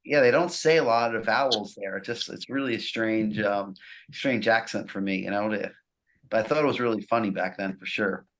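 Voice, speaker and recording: A man's voice: on the low side, moderate pace, fairly bright tone, slight background noise. A middle-aged man from the New Jersey and New York area, a guest musician chatting casually on a podcast in a laid-back, sarcastic way that breaks into easy laughs. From New Jersey and New York area, USA.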